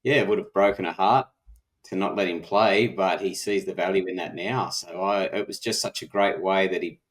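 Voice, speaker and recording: An Australian man co-hosting a podcast, chatting casually and haltingly, with restarts and soft laughs. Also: low-pitched, fairly even intonation, poor audio. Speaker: podcast co-host. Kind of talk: casual chat.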